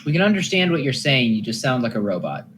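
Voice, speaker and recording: Lively tabletop game master. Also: medium pitch, noisy background. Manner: lively, quick to laugh.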